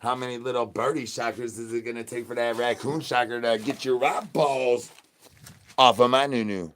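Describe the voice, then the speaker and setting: A man's voice: medium pitch, steady tone, moderate pace, fairly bright tone, slight background noise. Rambling, goofy man streaming. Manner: silly, rambling, full of nonsense words and catchphrases. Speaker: streamer in zombie persona. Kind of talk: rambling comedic live-stream patter.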